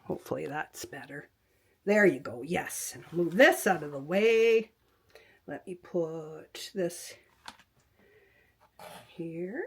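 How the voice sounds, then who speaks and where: An older woman with a lowish voice chats her way through a craft demonstration, rambling and talking to herself as she paints. She now and then slips into a whisper. It sounds like a webcam recording at home. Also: expressive, takes it slowly, pauses often, husky. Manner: chatty, talks to herself while working, drifts into whispers. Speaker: quilting tutorial host.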